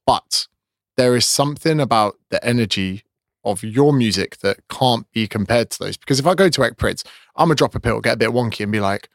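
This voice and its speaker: A man's voice: mid-range voice, brisk, dry recording, studio quality. A man hosting a podcast in casual chat, enthusiastic and swearing casually. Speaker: podcast host.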